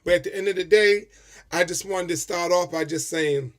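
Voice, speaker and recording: A man with a notably high voice speaks in a heartfelt, expressive way, as if straight to his viewers. He is tearing up as he talks through his personal tribute video. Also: normal speed. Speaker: vlogger.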